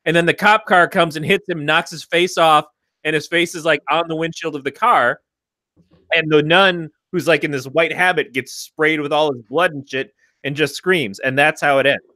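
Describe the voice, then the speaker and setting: A man's voice: on the high side, normal speed, bright, forceful tone, dry recording, poor audio. A man co-hosting a podcast, recounting a movie scene in casual, profane chat. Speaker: podcast co-host.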